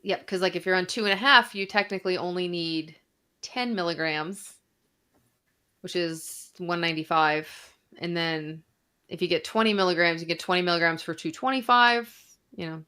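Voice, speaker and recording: A woman doctor in Arizona hosts a casual livestream Q&A, chatting freely, reading viewer comments aloud and swearing a little. Her voice is on the low side, bright and forceful.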